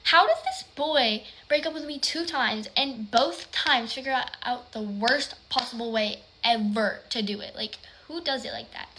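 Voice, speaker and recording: Woman, fairly high voice, bright and sharp tone, casual storytime, rambling, many "like" fillers, hushed whispers at times. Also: normal speed, hardly any pauses, slight background noise. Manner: rambling, heavy use of "like".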